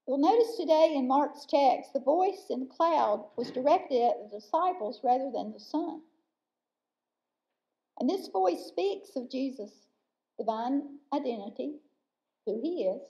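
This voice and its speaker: A woman preaching a sermon in a church, earnest and emphatic, slowing down to stress key words. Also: high voice, animated, warm tone. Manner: earnest, slow and emphatic with pauses. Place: church sanctuary. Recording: dull lo-fi church recording.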